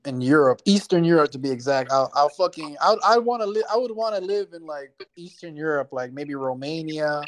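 Relaxed, swearing man from Florida, higher voice. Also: fairly quick, hardly any pauses, rough recording. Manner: relaxed, slangy, swears a lot. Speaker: guest. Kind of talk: casual chat.

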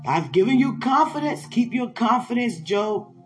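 A man voicing God as a calm, fatherly male deity who gently reassures, in a preached retelling. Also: extremely high pitch, moderate pace, faint music behind, pitched above the performer's own voice. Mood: reassuring.

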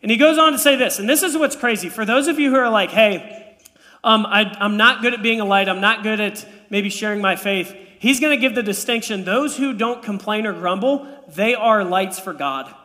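A man's voice: sits high, moderate pace. A man in his thirties preaching a sermon in a church, telling stories with playful asides. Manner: animated storytelling with playful asides. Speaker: pastor. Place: church sanctuary. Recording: long reverb of a church hall.

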